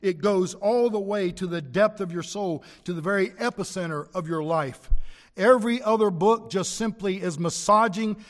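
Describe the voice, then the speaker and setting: A man preaching a sermon, his voice pitched high for a man. He presses his points hard and slows down to stress key words. The sound rings with the long reverb of a large hall.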